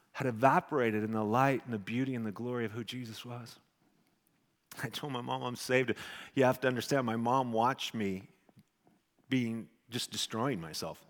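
A man, a pastor, giving a sermon testimony as an animated storyteller who swings from hushed tones to near shouting. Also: mid-range voice. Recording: long hall reverb.

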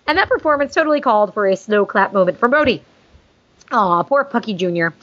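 A woman's voice: a little high, big pitch swings, fast, fairly bright tone. A woman hosting a podcast, chatting casually and gushingly, with jokey asides. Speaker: podcast host reading listener mail. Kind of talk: casual fan chat. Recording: dull lo-fi sound.

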